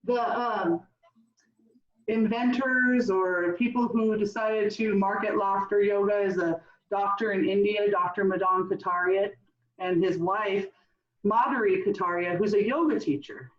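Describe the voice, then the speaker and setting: A woman's voice: mid-range voice, steady tone, measured pace. A woman leading a laughter yoga session over a video call, giving cheerful, coaxing instructions. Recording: roomy, distant, dull lo-fi sound.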